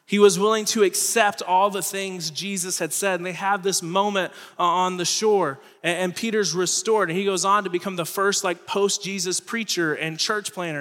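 Standing on a church auditorium stage, a pastor preaches a sermon earnestly, his voice falling low and soft at the ends of phrases. The hall is reverberant, with faint music in the background.

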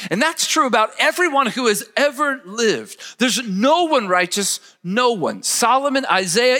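A man's voice: very high-pitched, pushed and bright, in a large hall. A man preaching a sermon emphatically, leading his listeners to repeat words after him. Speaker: pastor.

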